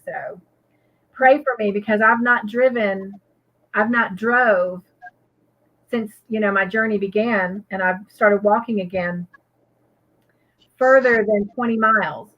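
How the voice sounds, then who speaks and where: A woman's voice: medium pitch, unhurried, highs cut off. A woman, co-hosting a casual crochet livestream, rambling earnestly with many fillers and restarts. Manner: earnest and grateful.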